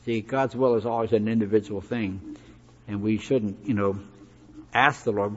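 A man's voice: on the low side, fairly even intonation, normal speed. Folksy male preacher in an echoey hall. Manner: folksy, conversational, with asides and fillers. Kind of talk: sermon. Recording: echoey hall, dull lo-fi recording.

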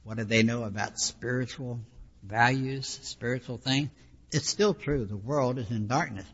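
A man's voice: medium pitch, moderate pace, husky. A man preaching a sermon, explaining scripture in a conversational teaching way with frequent asides. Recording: dull lo-fi recording with long hall reverb.

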